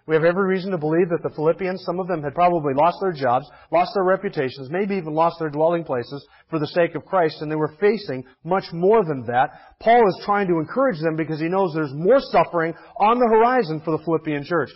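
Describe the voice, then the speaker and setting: A man's voice: high voice, dull audio. A man preaching a sermon, emphatic and full of rhetorical questions. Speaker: pastor.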